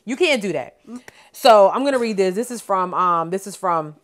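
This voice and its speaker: A woman's voice: mid-range voice, lively intonation, normal speed. A woman podcast co-host in casual chat, reading news items aloud and adding blunt asides.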